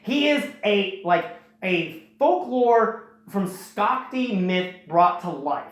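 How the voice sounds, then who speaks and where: A man hosting a casual chat, rambling in an animated way and swearing freely as he retells a story. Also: high-pitched, slow. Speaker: podcast host. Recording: very echoey room.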